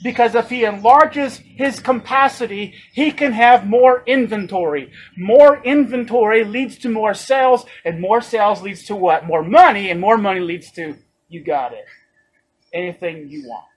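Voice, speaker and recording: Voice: mid-range voice, lively intonation, moderate pace, breathy edge, poor audio. A preacher delivering a sermon, emphatic and fond of rhetorical questions.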